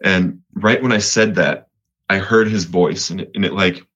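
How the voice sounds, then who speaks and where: Man from Colorado, earnest testimony, low husky voice, lo-fi sound. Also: fairly even intonation, moderate pace, a bit bright. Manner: earnest, repeats words, voice rises when reliving moments. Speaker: guest telling his recovery story. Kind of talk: personal testimony in an interview.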